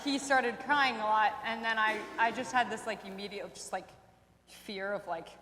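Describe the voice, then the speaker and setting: A woman's voice: medium pitch, a little slow. A woman in her twenties, a teacher on an alumni panel, telling stories casually and acting out the lines she quotes. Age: 20s. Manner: lively storyteller who acts out quoted lines. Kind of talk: casual storytelling. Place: campus event room. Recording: echoey hall with faint noise.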